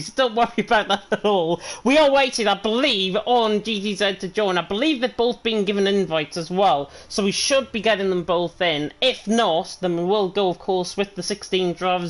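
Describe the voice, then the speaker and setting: A man's voice: sits high, fairly bright tone. A man with a northern English accent, commentating live before an esports race, fluent and leaning on "of course". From northern England.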